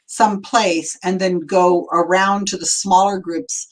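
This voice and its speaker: A woman's voice: fairly low pitch, fairly even intonation, unhurried, rough recording. A woman guesting on a podcast, talking enthusiastically in a rambling way with lots of fillers. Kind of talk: casual chat.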